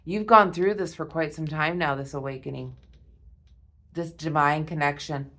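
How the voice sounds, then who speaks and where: Awestruck low-voiced woman tarot reader. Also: steady tone, normal speed, pushed and bright. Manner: awed, emotional, repeats herself, frequent breathy "wow"s. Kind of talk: spiritual tarot reading spoken to viewers.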